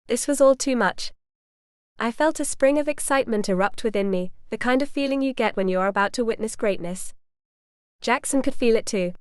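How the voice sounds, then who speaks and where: Lady reading a first-person audiobook, wry and expressive, smooth clean voice, dry booth sound. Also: a little high, no echo. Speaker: audiobook narrator.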